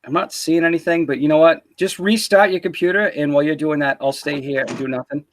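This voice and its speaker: A man's voice: a little high, quick pace, slight background noise. A man hosting a casual live-stream interview, teasing and joking with his guest. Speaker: host.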